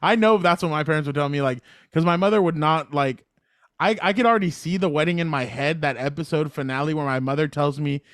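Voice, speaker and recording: Chatty man with a fairly high voice. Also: quick pace, no echo, studio quality. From Latino American. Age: 30s. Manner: laughs easily, rambling and animated. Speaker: podcast co-host. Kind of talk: casual chat.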